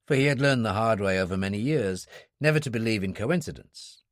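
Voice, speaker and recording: A man narrating a thriller audiobook in a steady, expressive storytelling voice. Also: lowish voice, brisk, no room sound, clean studio sound. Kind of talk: scripted narration.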